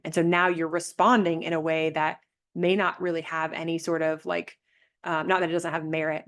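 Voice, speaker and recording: A woman coaching a group over a video call, reflective and gentle, often restarting her sentences. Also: fairly low pitch. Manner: gentle, reflective, thinks aloud with many restarts. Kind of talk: live online coaching session.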